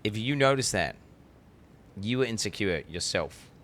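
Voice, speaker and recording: Excitable ranting male streamer, bright voice. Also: on the low side, a little slow. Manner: excitable, ranting, swears freely. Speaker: game streamer. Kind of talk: casual live-stream chat.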